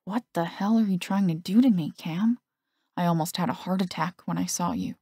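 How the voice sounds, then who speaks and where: A woman's voice: fairly low pitch, a little fast, warm tone, slightly rough, no room sound, studio quality. A woman voicing a protective, earnest teenage boyfriend.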